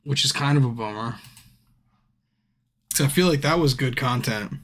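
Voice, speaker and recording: A man's voice: medium pitch, normal speed, fairly bright tone. A drunk man streaming a game, chatting casually with his viewers by name, frustrated and swearing a lot. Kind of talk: casual live-stream chat.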